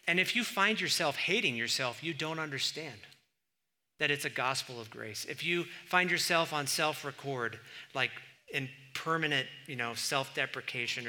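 A man preaching a sermon, animated, pushing louder for emphasis and breaking into conversational asides. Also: moderate pace. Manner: animated, rises in pitch and volume for emphasis.

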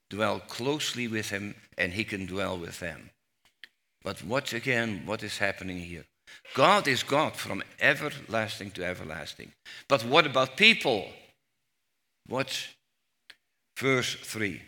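A man preaching a sermon on the Psalms, slow and emphatic, rising to loud cries when he quotes scripture. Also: fairly low pitch. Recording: long hall reverb.

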